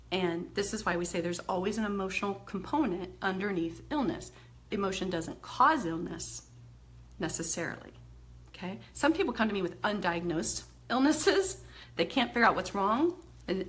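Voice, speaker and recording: A woman teaching an emotional tapping technique in a chatty, expressive way, laughing often and acting out venting as examples. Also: medium pitch. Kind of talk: instructional talk demonstrating tapping.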